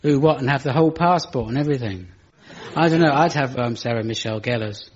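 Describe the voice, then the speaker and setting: A man's voice: fast talker, a little mellow, breathy edge, dull audio. A British man doing stand-up comedy on a radio show, dry and self-mocking, taking questions from a studio audience. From Britain. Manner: dry, self-mocking, rises to exasperated high pitch.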